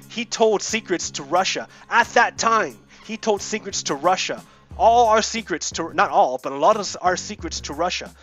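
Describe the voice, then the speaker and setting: Let's-play host, male, slightly high voice, heated and repetitive casual rant with swearing. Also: sharp tone. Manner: heated, profane, repeats himself. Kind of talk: casual political rant while gaming.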